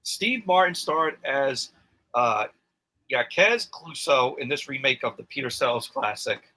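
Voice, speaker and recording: Bright-voiced man reading quiz questions. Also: mid-range voice, lively intonation, a little slow, low-quality recording. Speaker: quizmaster. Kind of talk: reading trivia questions in casual chat.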